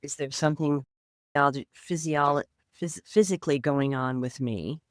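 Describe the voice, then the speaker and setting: A woman's voice: low voice, normal speed, no echo, clean studio sound. A woman co-hosting a podcast, talking in a reflective, conversational and supportive way in casual chat. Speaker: podcast co-host.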